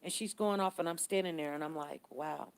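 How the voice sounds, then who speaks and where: This live-streaming vlogger talks quickly in a clear, resonant voice on the low side. In her animated, chatty commentary she tells stories, reacts to viewers' comments, and repeats her points.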